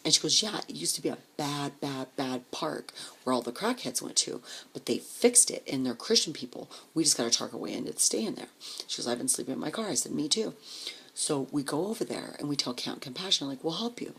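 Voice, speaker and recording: A woman with a low, gravelly voice tells a long story in a loose, casual way. She swears freely and drops into a whisper whenever she quotes someone. Her tone is slightly husky. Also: animated, fairly quick, fairly bright tone. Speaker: vlogger telling a personal story.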